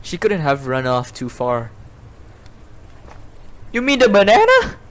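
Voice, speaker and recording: Here a gamer's high-pitched voice swoops wildly in pitch, moving slowly and sounding a bit bright. Frightened and jumpy while exploring a horror game, he comments live, cursing a lot, yelping and gasping.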